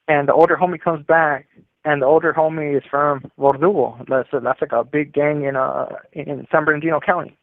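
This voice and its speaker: A man talks through a tinny, phone-thin line, his voice sitting a bit high and the sound dry and close. He rambles through his story in casual street slang, stopping for fillers and restarts. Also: steady tone, brisk, no room sound. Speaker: caller telling his prison story.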